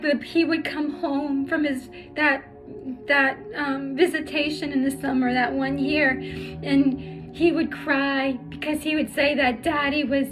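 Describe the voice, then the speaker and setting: High-voiced woman telling a painful story. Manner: halting, emotional, many restarts. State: tearful. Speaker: spiritual healer telling her life story. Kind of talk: personal storytelling vlog.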